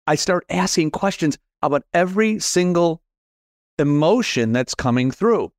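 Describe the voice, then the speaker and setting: A middle-aged man hosting a podcast interview, talking in a rambling, animated, self-deprecating way. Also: a little high, measured pace, dry recording. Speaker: podcast host. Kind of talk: casual conversational interview.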